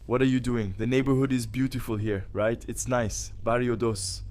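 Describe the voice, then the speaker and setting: A man's voice: mid-range voice, fairly even intonation, moderate pace, darkish tone, a little hiss or hum. A man vlogging a walk through hilly city streets, chatty and rambling, often repeating his words. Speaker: travel vlogger. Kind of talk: casual vlog chat while walking.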